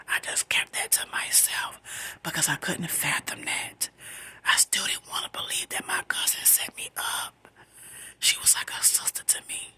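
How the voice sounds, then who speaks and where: A middle-aged woman telling a personal story in a soft, breathy whisper, emphatic and conversational, repeating words for stress.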